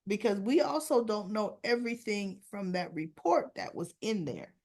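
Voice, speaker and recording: A woman's voice: medium pitch, lively intonation, moderate pace, a little mellow. A woman hosting a soap opera recap, chatting casually and acting out bits of dialogue as she retells the episode. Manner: chatty, acts out lines of dialogue.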